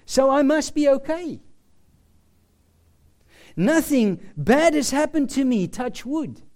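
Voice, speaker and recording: A man preaching a sermon, slow and emphatic, with dramatic pauses. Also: extremely high pitch, expressive, darkish tone.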